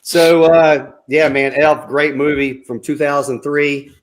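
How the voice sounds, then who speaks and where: A man's voice: a little high, level tone, slow. Enthusiastic man retelling scenes. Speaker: panel guest. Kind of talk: casual chat.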